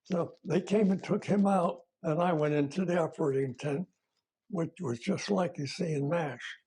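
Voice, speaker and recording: An older retired army veteran man recalling his service in a plain-spoken, halting way, with fillers and self-corrections. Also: fairly high pitch, a little mellow, husky. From United States. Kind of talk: oral history recollection.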